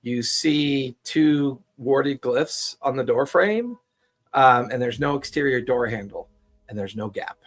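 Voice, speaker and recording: A man's voice: mid-range voice, animated, takes it slowly. A man running a tabletop game as game master, describing scenes steadily with the odd filler "uh".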